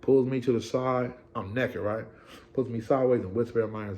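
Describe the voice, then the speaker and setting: A man's voice: medium pitch, fairly even intonation, fairly quick, background noise. A middle-aged man telling a story in casual, profane slang, acting out the people in it and checking in with "right?". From California. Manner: slangy, acts out voices, keeps asking "right?".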